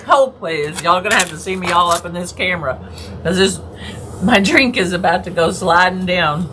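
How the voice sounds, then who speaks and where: A woman's voice: medium pitch, animated, unhurried, pushed and bright, slight background noise. Giggly woman hosting a craft stream. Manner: giggly, laughing through her words, chatting to viewers by name. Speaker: crafting livestream host. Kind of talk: casual live crafting chat.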